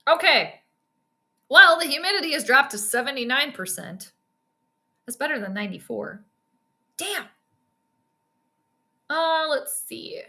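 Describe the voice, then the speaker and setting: Bright, chatty woman streaming live commentary. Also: sits high, animated, measured pace, pauses often, echoey room. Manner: chatty, joking asides to a co-viewer. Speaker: host of a sports live stream. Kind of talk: casual live watch-along commentary.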